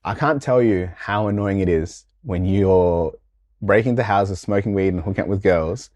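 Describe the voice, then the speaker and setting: A man, a guest in a casual interview, telling stories in a slangy, animated way and acting out the voices of people in them. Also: sits low, normal speed, no room sound, muffled recording.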